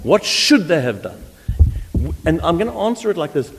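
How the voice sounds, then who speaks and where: A man arguing a legal case before judges in a courtroom, emphatic and animated, with frequent restarts. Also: a little high, normal speed, slightly rough. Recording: reverberant courtroom audio.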